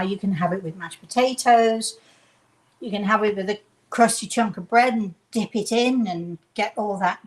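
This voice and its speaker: A woman's voice: medium pitch, low-quality recording. Chatty English woman cooking at home. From England. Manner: chatty, rambling, self-deprecating asides. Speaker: cooking show host. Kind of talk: casual home cooking demonstration. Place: home kitchen.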